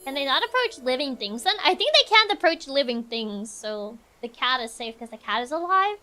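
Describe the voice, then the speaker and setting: A woman's voice: high voice, big pitch swings, normal speed, pushed and bright. A woman streamer giving casual let's-play commentary, chatty and thinking aloud.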